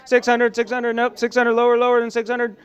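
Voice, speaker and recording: A man putting on the voice of an auctioneer, calling out bids in a quick patter. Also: very high-pitched, completely flat delivery, smooth, voice pushed up. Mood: playful bidding. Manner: rapid bid-calling patter. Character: fast-calling male auctioneer taking bids.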